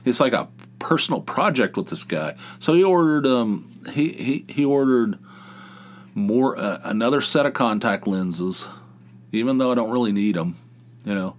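A man's voice: medium pitch, expressive, normal speed. A middle-aged man hosting a casual solo podcast, rambling and cursing freely, losing his train of thought and circling back. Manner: rambling, profane, easily sidetracked. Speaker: podcast host.

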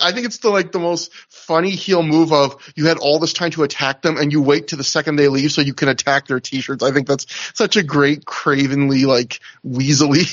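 A man's voice: fairly high pitch, a bit bright, lo-fi sound. A man hosting a podcast, recapping wrestling shows in a casual, chatty way with asides. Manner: chatty, recounting with asides and laughs. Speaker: podcast host.

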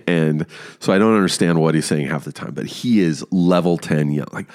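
A man hosting a podcast who tells a story on his own in a casual, animated way, swearing often. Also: deep voice, fairly quick. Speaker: podcast host.

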